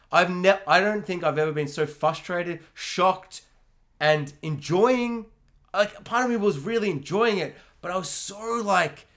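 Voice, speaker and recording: A man co-hosting a film podcast, talking excitedly and swearing freely as he acts out scenes. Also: sits high. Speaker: podcast co-host. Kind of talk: casual film discussion.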